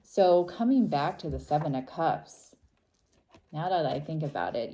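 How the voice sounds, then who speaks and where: A woman giving a casual tarot reading, talking in a soft, thoughtful way and often trailing off and restarting. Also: lowish voice, a little hiss or hum. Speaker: tarot reader.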